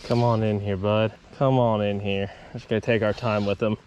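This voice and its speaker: A young man hosting an outdoor fishing vlog by a small creek, excitable and quick to laugh, calling out catches as they happen. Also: on the low side, lo-fi sound, a little hiss or hum. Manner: excitable, laughs often, says dude. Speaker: fishing channel host.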